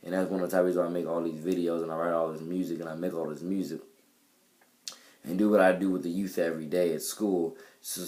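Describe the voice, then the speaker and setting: A man's voice: deep voice, little pitch movement, fast talker, a little mellow. A young man talking to camera in a casual video diary about his music, rambling with many fillers and restarts. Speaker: vlogger and musician. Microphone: camera mic.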